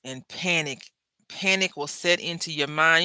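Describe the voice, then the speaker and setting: A woman hosting a crafting video, chatting and telling stories while she works, acting out quoted lines with big jumps in pitch and dropping to soft murmurs when she concentrates. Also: unhurried, clean tone, no echo. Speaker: crafting channel host. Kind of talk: casual chat while crafting.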